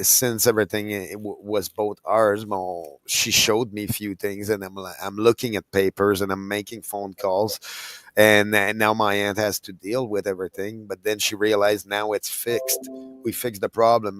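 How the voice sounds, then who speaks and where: A man with a lowish voice recounting a family story in casual chat, stumbling over restarts as he goes. The sound is dry and close, with little room echo. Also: a bit bright. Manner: halting storytelling with many restarts. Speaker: podcast co-host.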